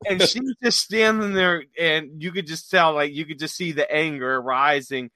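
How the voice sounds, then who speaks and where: A man's voice: a little high, moderate pace, bright, forceful tone, no echo. A man telling prank stories in casual chat, rambling with many fillers and restarts. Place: workplace with dispatchers.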